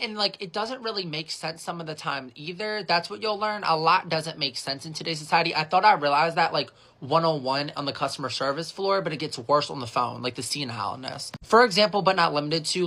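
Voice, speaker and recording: Chatty, sassy man with a bright, high voice. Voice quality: higher voice for a man. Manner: chatty and sassy, fills with 'like'. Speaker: customer service phone agent. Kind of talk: casual storytime.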